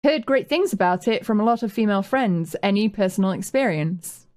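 A woman in casual podcast chat who asks questions and answers in a measured way. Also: mid-range voice, lively intonation, a little mellow.

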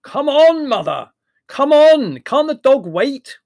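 A man's voice: very high voice, very animated, slow pace, dry recording, clean studio sound, pitched above the performer's own voice, heavily acted. A man voicing a haughty, impatient young man who bellows in exasperation. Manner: loud, exasperated, cutting.

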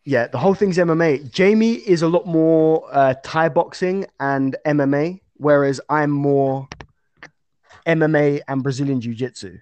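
A man's voice: on the high side, normal speed, a little mellow, smooth, dry recording, muffled recording. Young guy chatting away in an interview, lots of fillers and restarts, dry close mic. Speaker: interview guest, amateur fighter. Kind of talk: casual interview chat.

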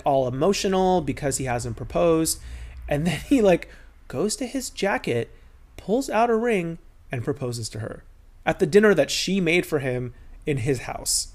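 A man hosting a podcast, chatting casually and gossiping through a reality TV recap, mimicking the people he talks about. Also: a little high. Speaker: podcast host.

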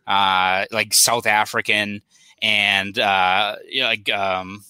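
Young boston dude rambling on a podcast, lots of "like", really bright sharp tone, dry close sound. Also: male voice, on the low side, steady tone, takes it slowly, clear, resonant tone, no echo, poor audio. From South Boston, USA. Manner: rambling, many "like" fillers. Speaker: sports reporter, guest. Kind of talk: casual podcast chat.

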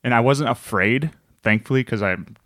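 A man's voice: medium pitch, moderate pace, a bit bright, no echo, studio quality. A young man casually co-hosting a podcast, telling stories in a rambling, self-interrupting way. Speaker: podcast co-host. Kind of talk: casual chat.

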